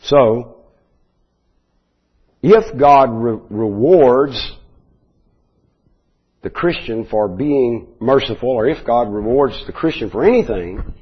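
Husky guy preaching, slow explaining tone, kinda dull lo-fi sound. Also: medium pitch, animated. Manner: measured, explanatory, with restarts and asides. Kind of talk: Bible teaching sermon.

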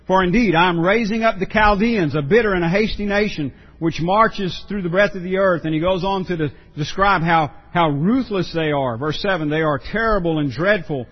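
A pastor preaching a sermon, earnest and emphatic, often repeating words for stress. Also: male voice, sits high, highs cut off.

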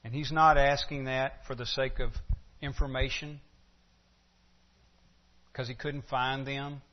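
A male pastor preaching verse by verse at a middle pitch. He speaks conversationally and often checks in with rhetorical questions. The recording is dull and lo-fi. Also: little pitch movement, slow. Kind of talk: expository sermon.

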